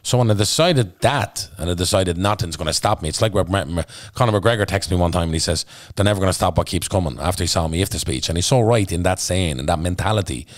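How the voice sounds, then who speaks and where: A man's voice: low voice, fast, hardly any pauses, dry recording, studio quality. A man with a Dublin accent, a podcast guest telling his story bluntly and intensely, swearing freely. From Ireland. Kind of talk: candid storytelling in conversation.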